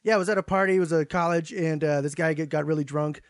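A man with a high voice rattles through a rambling party story at speed, full of fillers. It is casual podcast chat, recorded close and dry. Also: steady tone, fast talker, dry recording. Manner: rambling anecdote with many fillers.

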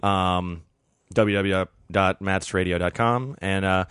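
A man, a comedian guest, telling stories in casual podcast chat, animated and laughing. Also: sits low, takes it slowly, clean tone, dry recording, studio quality.

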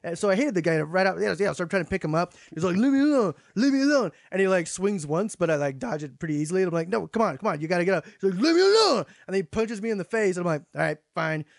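A man with a high voice rattles through a rambling party story at speed, full of fillers. It is casual podcast chat, recorded close and dry. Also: very fast, vocal fry, hardly any pauses, no echo. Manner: rambling anecdote with many fillers.

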